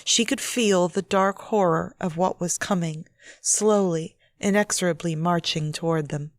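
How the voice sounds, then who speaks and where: A woman author reading her own novel aloud in a measured, steady audiobook narration. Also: fairly low pitch, no room sound, clean studio sound.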